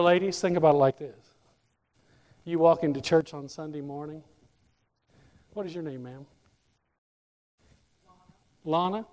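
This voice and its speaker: A male pastor preaching a sermon in a church, animated and speaking directly to members of the congregation by name. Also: fairly high pitch, big-room sound.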